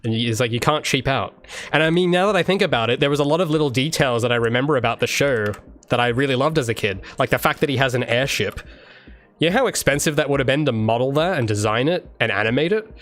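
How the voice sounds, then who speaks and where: A man's voice: medium pitch, quick pace, fairly bright tone. A young man streaming his game development, rambling enthusiastically in casual chat with many restarts and fillers.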